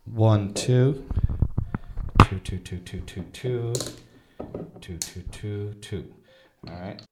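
A man's voice: on the low side, takes it slowly, heavy background noise. A middle-aged man hosting his own comedy podcast at home, talking in a rambling, self-mocking way full of fillers. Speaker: podcast host and stand-up comedian. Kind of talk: casual podcast chat and mic tests. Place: room at home.

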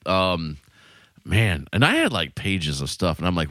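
Brief: male podcast co-host, lively pitch swings, bright tone, dry studio sound, casual storyteller who swears and laughs. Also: measured pace, no room sound. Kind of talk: casual chat.

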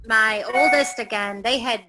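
A woman's voice: on the high side, a little slow, very noisy. A middle-aged woman telling a spooky personal story in casual chat, rambling with fillers and acting out what people said. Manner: rambling, with many fillers and acted-out quotes. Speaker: guest telling a ghost story.

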